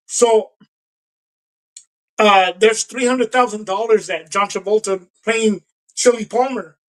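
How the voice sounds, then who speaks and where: On a podcast, a co-host chats casually and retells film scenes like an animated storyteller, acting out lines and laughing often. The voice is medium-pitched and slow, and the recording quality is low.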